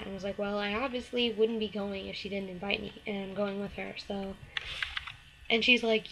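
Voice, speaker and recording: A teenage girl rambles through a gossip story to her webcam, peppering every sentence with "like" and "um". Her voice sits at an ordinary middle pitch. A faint hiss runs under her bedroom recording. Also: little pitch movement, normal speed, a bit bright, low-quality recording. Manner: chatty, lots of "like" and "um", acts out the other girl in a snippy higher voice. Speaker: vlogger. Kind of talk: casual storytelling to camera.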